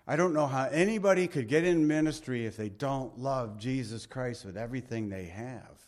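A man's voice: medium pitch, moderate pace, hardly any pauses. Middle-aged man preaching a casual sermon. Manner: conversational preaching, swings from loud emphasis to hushed asides. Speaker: pastor.

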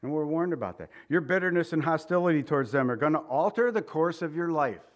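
A man preaching a sermon, swinging between loud emphasis and soft, quiet lines, asking the congregation direct questions in a conversational way. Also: fairly high pitch, expressive, fast. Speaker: pastor.

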